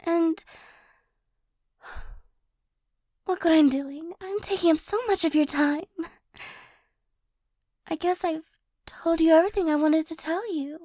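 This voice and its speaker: A woman performs a remorseful young ex-girlfriend in an ASMR role-play. Her voice sits very high and moves slowly, with halting pauses and nervous little laughs. The sound is dry and close. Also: warm tone, no echo. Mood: apologetic.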